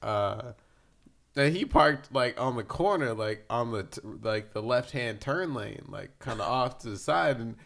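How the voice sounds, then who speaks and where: A man's voice: medium pitch, animated, unhurried, creaky, a bit bright. A man from Seattle hosting a podcast, telling stories in casual chat, full of slang, acting out quoted voices and laughing often. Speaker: podcast host.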